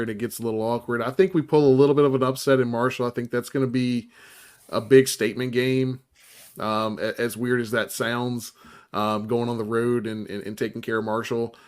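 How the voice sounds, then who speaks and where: Smooth-voiced man talking sports. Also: medium pitch. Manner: repeats words, thinks aloud. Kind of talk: casual sports chat.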